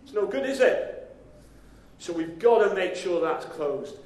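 A pastor with a high, light voice delivers a conversational sermon. He keeps turning to the congregation with direct questions. The sound is echoey, as if it were caught in a church hall. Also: lively intonation, measured pace, a little mellow.

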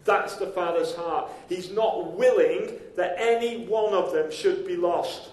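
High-voiced preacher in an echoey hall. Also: male voice, measured pace, hardly any pauses, darkish tone. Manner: conversational preaching, questions to the congregation. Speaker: pastor. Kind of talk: sermon. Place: church hall.

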